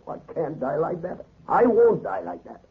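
A gruff, slangy adventurer who is jittery and haunted by fear, his voice a little high and strained. It comes through thin and tinny, like a vintage radio play. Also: wildly swooping pitch, normal speed. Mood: fearful, feverish. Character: haunted rough adventurer, terrified of a curse. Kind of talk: 1930s radio drama acting. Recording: tinny old radio recording.

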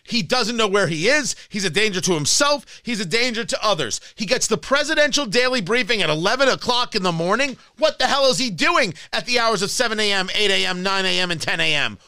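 A man's voice: high-pitched, expressive, fairly quick, hardly any pauses, bright, forceful tone, dry recording. A man hosting a talk radio show, delivering an emphatic, combative monologue into a studio microphone.

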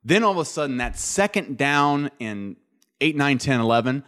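Guy guesting on a sports podcast, explains plays calmly, mid-pitch voice. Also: normal speed, clean tone. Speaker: guest analyst. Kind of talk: casual sports talk.

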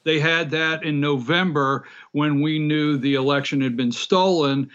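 A man from Georgia talks as a guest on a political show, fervent and insistent, tripping over and repeating his words as he pushes his point. His voice sits a touch high for a man. The remote line is dull and lo-fi. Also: fairly even intonation, measured pace, a bit bright, clean tone. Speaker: guest, party official. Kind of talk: political talk show remarks.

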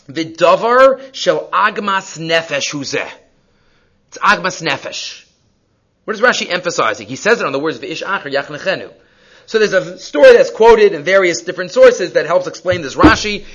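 A man giving a weekly Torah portion class, telling stories and asking rhetorical questions, with Hebrew and Yiddish terms mixed into his English. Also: high-pitched. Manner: animated storytelling, rhetorical questions. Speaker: Torah teacher. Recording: dull lo-fi recording.

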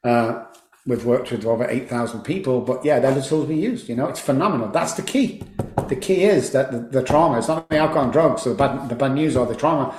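A man in his fifties speaks as an interview guest, fervent and emphatic, often repeating phrases to drive his point home. His mid-pitched voice carries a roomy echo from the space around him. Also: fairly quick, darkish tone, slight background noise. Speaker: podcast guest, addiction recovery program founder. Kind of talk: emotional storytelling interview.

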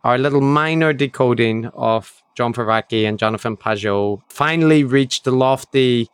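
Man, podcast co-host, casual chat, wry and ironic, mid pitch, dry sound. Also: normal speed, smooth, no echo.

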